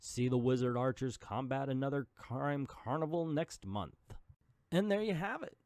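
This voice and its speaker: A man's voice: medium pitch, moderate pace, a little mellow, no echo, studio quality. A man reading an old comic book aloud and adding jokey asides. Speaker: comic book reader and commentator.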